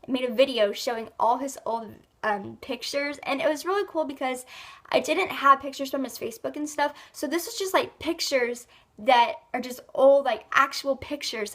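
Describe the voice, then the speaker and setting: A woman's voice: high-pitched, normal speed. A woman vlogger with a stuffy nose from a cold, rambling casually through her monthly favorites with lots of fillers. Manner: chatty and rambling, many fillers like "like" and "um". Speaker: beauty and lifestyle vlogger.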